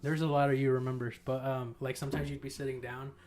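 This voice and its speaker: A man's voice: mid-range voice, level tone, fast talker, darkish tone. A man in his thirties hosting a casual chat, telling crude stories with lots of swearing and laughter. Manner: profane, laughs through his own stories. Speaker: podcast host.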